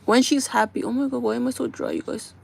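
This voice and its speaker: Woman livestreaming, gravelly fry in her voice, rambles to "you guys" while recapping a show. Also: a little high, fairly even intonation, fast, a little mellow, a little hiss or hum. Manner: chatty, addresses viewers as "you guys"; acts out characters' lines in quotes. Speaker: livestream host. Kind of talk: casual chat recapping a TV show.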